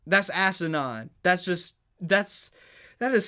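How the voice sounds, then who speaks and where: A man's voice: sits high, animated, a little slow, a bit bright. A man hosting a sports podcast, arguing heatedly, stammering and restarting, pressing home his points with rhetorical questions. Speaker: podcast host.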